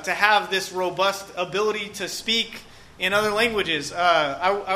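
A man's voice: sits high, pushed and bright. A man preaching a sermon in a casual, joking way, often saying "okay" and "um". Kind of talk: conversational sermon.

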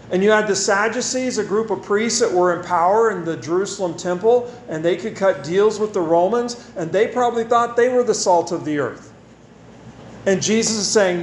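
Male pastor, high voice, folksy sermon delivery, repeats himself for emphasis, echoey church room, faint hiss. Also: normal speed. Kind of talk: sermon with scripture reading and prayer.

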